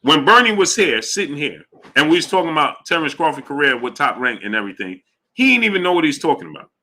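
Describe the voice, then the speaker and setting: A man hosting a boxing livestream, talking casually to his chat in an animated, emphatic way, often repeating himself. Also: fairly high pitch, fast. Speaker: boxing show host.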